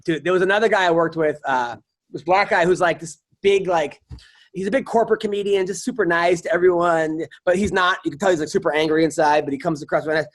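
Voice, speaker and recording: A man from New York hosting a podcast, his voice sitting high for a man. He tells crude stories in a loose, animated way and swears freely. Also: fast. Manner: swears freely, animated storyteller who acts out the people in his anecdotes. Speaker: podcast host and comedian. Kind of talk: casual storytelling chat.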